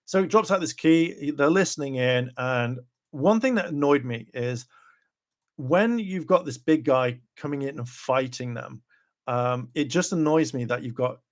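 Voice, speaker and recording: A man hosting a casual live reaction video, rambling with lots of fillers and acting out characters' lines in quick bursts. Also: mid-range voice. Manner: rambling, heavy with "kind of" and "like" fillers.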